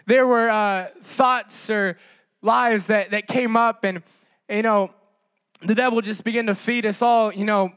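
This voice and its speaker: A man's voice: sits high, fairly even intonation, a little slow, a bit bright, clean tone, no echo, clean studio sound. A man preaching as a pastor, with impassioned, repetitive rhetorical phrasing and frequent fillers. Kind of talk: sermon.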